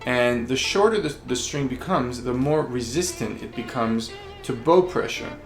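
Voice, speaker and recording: A man's voice: mid-range voice, lively intonation, measured pace, soft background music. A man teaching violin technique, explaining patiently with frequent fillers. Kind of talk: instructional explanation. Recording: roomy echo.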